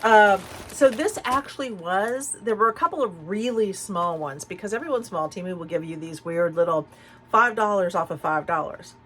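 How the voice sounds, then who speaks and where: A woman's voice: mid-range voice, a little fast, fairly bright tone, slight background noise, rough recording. A middle-aged woman chatting casually at home as a haul vlogger, rambling with many restarts and fillers. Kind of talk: casual chat. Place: a room at home.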